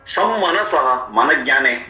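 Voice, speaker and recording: A man teaching a scripture, explaining each word slowly and repeating its meanings. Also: medium pitch, animated, pushed and bright, reverberant, soft background music, rough recording. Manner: slow, repetitive word-by-word explanation. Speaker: Vedic teacher. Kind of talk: explanatory lecture.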